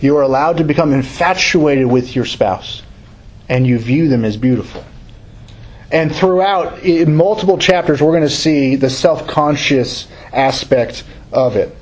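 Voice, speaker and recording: A man teaching a Bible study class from a handout, reading verses aloud and explaining them in a casual, halting way. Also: a little high, a little mellow, rough recording.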